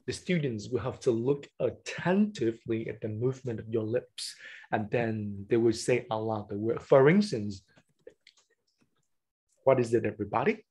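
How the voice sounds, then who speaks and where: A man's voice: mid-range voice, moderate pace, warm tone, slightly rough. A man whose first language is Vietnamese, running an online teacher-training session over a webcam and explaining classroom games step by step.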